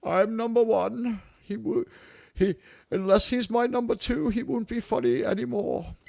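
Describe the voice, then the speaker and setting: A man's voice: extremely high pitch, expressive, measured pace, vocal fry, dark tone, dry recording, pitched above the performer's own voice, heavily acted. A man putting on a snobby pompous British toff. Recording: dry close-mic sound.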